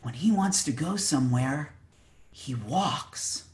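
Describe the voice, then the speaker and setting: A preacher voicing a humble young Zen student who answers gently and politely in a sermon story. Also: medium pitch, animated. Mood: serene. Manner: gentle, courteous, unhurried.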